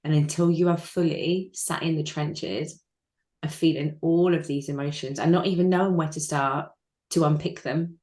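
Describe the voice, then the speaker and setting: A woman's voice: low-pitched, steady tone, normal speed, a little mellow, reverberant. A woman, an interview guest, speaking openly and emotionally about personal loss over a video call. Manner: open, emotional, candid storytelling.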